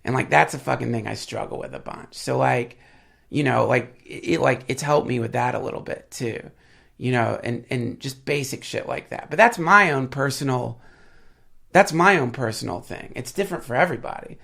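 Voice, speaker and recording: A man's voice: mid-range voice, animated, moderate pace, vocal fry, fairly bright tone. A man telling rambling stories as a podcast guest, full of fillers and swearing, sniffling with a head cold. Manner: rambling, filler-heavy, profane storytelling. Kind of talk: casual podcast chat.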